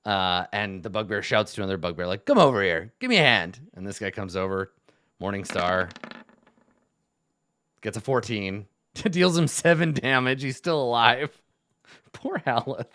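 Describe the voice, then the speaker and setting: A man narrating as game master in an online tabletop game, relaxed and chuckling, with plenty of uhs and ums. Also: lowish voice, a little slow, long pauses, dry recording. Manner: relaxed, laughing, many fillers.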